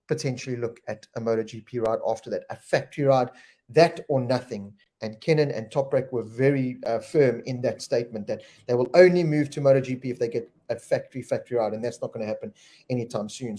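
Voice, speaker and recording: Male live-stream host, casual and chatty, warm darker tone, reads fan comments aloud. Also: medium pitch. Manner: chatty, reads viewer names and questions aloud.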